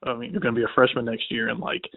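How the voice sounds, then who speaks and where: A man chatting as a guest about college sports, loose and conversational with filler words. His voice is mid-pitched and comes through a narrow phone-like line. The sound is dry, with no room around it. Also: monotone, rapid-fire, creaky, no room sound. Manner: conversational, frequent "like" and "you know". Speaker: podcast guest. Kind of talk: casual sports analysis.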